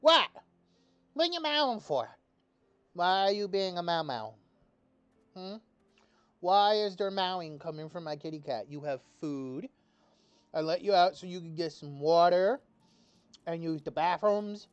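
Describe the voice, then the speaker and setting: A man's voice: high voice, expressive, measured pace, long pauses, smooth, dry recording, dull audio. A man streaming a game, chatting casually, who swears and scolds his cat in baby talk. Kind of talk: casual live-stream chat.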